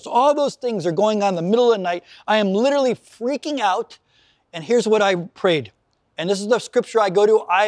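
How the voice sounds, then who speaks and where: A man's voice: high-pitched, dry recording, clean studio sound. A man preaching a sermon to camera as pastor, earnest and emphatic, reading scripture aloud.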